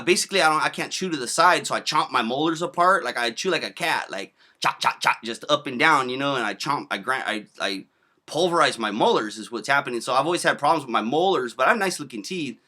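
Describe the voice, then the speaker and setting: A man's voice: on the high side, pushed and bright. A man in his thirties giving casual, rambling video commentary, slangy and profane, full of fillers. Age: 30s.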